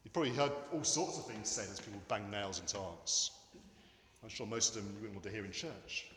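A man's voice: fairly low pitch, a bit bright, slight background noise. Earnest male preacher in echoey hall. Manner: earnest, emphatic, with dramatic pauses. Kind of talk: sermon. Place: church. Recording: echoey hall with long reverb.

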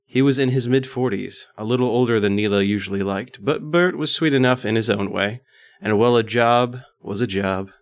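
A man's voice: fairly low pitch, normal speed, dry recording, clean studio sound. A man co-hosting a podcast, joking around and reading a racy story aloud with mock drama and stumbles. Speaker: podcast co-host. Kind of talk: casual chat and reading smut aloud.

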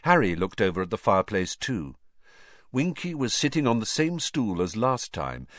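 A man reading a novel aloud as an audiobook, very expressive and acting out every character. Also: fairly low pitch, dry recording, studio quality. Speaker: audiobook reader. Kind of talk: scripted audiobook narration.

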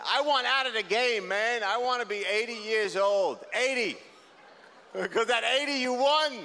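A young adult man doing an energetic, rambling stand-up comedy set on a theater stage, acting out the people in his stories. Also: extremely high pitch, long reverb tail. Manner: energetic, rambling, acts out quoted characters.

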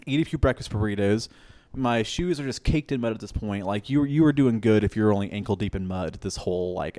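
A young man co-hosting a podcast, telling a long, rambling, profane story and acting out the quotes. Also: on the low side. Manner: profane, rambling, animated anecdotes with acted-out quotes. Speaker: podcast co-host. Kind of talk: casual storytelling.

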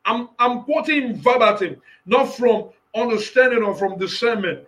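A man preaching an impassioned sermon, breaking into shouted bursts and often repeating and restarting his phrases. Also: extremely high pitch, moderate pace, rough recording.

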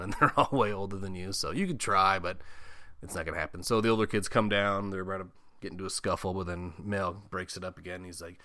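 A man with a fairly low, bright, forceful voice recaps a film in a loose, joking way. He swears often and slips into quick bits of the characters' lines. The sound is dry and close. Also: no room sound. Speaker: podcast host. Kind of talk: casual movie recap.

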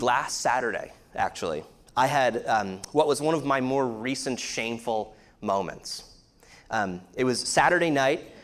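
A man in his thirties giving an earnest, explanatory sermon-style talk, with many fillers. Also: mid-range voice. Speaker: speaker teaching on shame.

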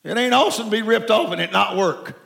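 A man in his seventies from Mexico, preaching a sermon to a congregation with folksy, animated storytelling that breaks into shouts. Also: high-pitched, fast talker, vocal fry. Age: 70s.

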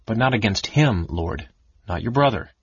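A man voicing a cool, composed dark elf mage who speaks softly and evenly. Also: on the low side, animated, breathy edge, no echo. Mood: grave. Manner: soft, cool and measured. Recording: dull, dry lo-fi audiobook recording.

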